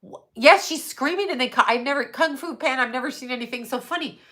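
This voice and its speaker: Bright-voiced, rambling middle-aged woman. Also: high voice, fast. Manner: rambling, profane, laughs often. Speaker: livestream host. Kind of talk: casual livestream monologue.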